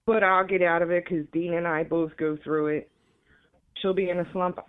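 A woman's voice: on the low side, steady tone, moderate pace, clear, resonant tone. Woman on a tinny phone line. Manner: rambling, repeats herself, quotes family members. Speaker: grieving mother, guest caller. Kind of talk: emotional interview talk.

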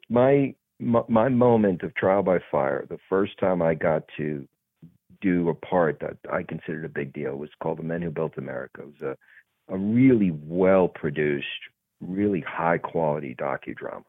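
A man, an actor, telling a story in a casual interview, animated and acting out the voices of others. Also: deep voice, normal speed, breathy edge, no echo. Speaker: actor guest. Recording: tinny phone-like podcast audio.

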